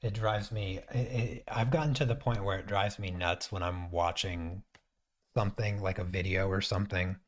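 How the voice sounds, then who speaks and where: A man's voice: low-pitched, steady tone, moderate pace. A man hosting a painting stream, chatting casually as he works and thinking aloud with frequent restarts. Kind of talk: casual chat while painting.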